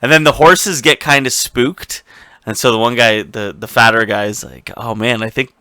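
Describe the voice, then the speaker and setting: A man co-hosting a casual recap show, energetic and rambling, often restarting sentences and acting out what characters say. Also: medium pitch, moderate pace, clear, resonant tone, dry recording, studio quality. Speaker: podcast co-host.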